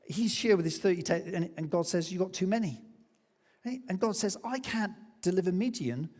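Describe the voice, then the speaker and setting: A male pastor delivers an animated sermon and often slips into quoted voices as he tells the story. His voice sits a little high for a man. It rings out with a long reverb from the church hall. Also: normal speed. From England.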